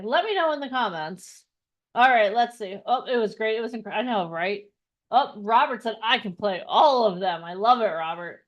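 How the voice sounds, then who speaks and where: A woman's voice: a little high, sing-song, moderate pace, a bit bright. A woman hosting a live virtual event, upbeat and chatty, leading the audience in an energy exercise. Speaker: event host.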